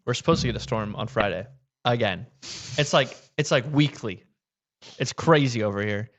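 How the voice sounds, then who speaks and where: A man's voice: medium pitch, moderate pace, highs cut off. A man co-hosting a casual livestream, chatty and easygoing, reading viewer comments aloud.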